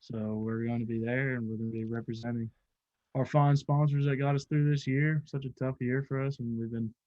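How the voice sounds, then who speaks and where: A young man hosts a relaxed podcast chat over a video call, easygoing and upbeat, often filling gaps with "uh". His voice sits at an ordinary pitch for a man. The audio is dull and lo-fi, with a dry sound and no room echo. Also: a little fast. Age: young adult. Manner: loose and upbeat, with frequent "uh" fillers. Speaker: podcast host and college angler.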